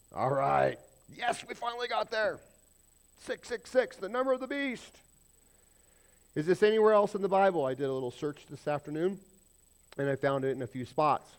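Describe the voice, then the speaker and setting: Animated preaching man, medium pitch. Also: moderate pace, pauses often. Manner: animated, swings between loud exclamation and low confiding asides; rhetorical questions to the congregation. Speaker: pastor. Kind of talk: sermon.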